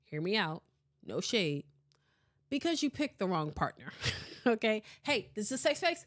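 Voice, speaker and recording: A young woman hosting a casual podcast, playful and animated, laughing often as she reads live comments. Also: medium pitch, normal speed. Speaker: podcast host.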